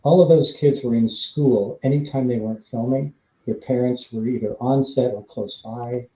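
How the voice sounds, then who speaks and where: A man's voice: medium pitch, steady tone, normal speed, dark tone, echoey room, low-quality recording. A man, a former stunt double, telling casual rambling stories with fillers and laughs. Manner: rambling anecdotes with fillers, laughs between lines. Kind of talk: casual storytelling on a live stream.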